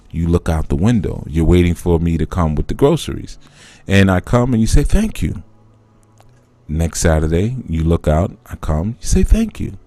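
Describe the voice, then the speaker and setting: A man's voice: low-pitched, a little mellow, no echo. A man hosting a live spiritual teaching talk, explaining through a conversational parable that he acts out.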